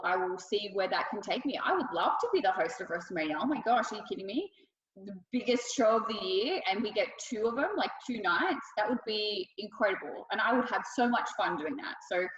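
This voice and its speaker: A woman's voice: medium pitch, a bit bright. Woman, young adult, thick Australian accent, effusive, filler-heavy, long reverb, muffled. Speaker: wrestler. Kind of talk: casual interview answers.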